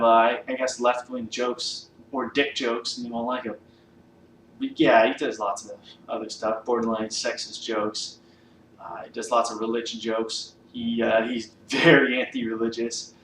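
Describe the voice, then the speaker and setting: A man's voice: mid-range voice, a bit bright. Man, casual rambling monologue, lots of uh and swearing, echoey room. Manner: rambling, loose, swears often, many fillers. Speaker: vlogger ranking comedians. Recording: echoey room, mic at a distance, faint background hiss.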